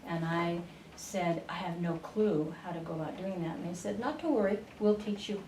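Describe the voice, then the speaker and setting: Woman guest, lowish voice, roomy and distant studio sound, faint hiss. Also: a little mellow. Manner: unhurried, with frequent fillers and restarts. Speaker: interview guest, spiritual channeler. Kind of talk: storytelling in a radio interview.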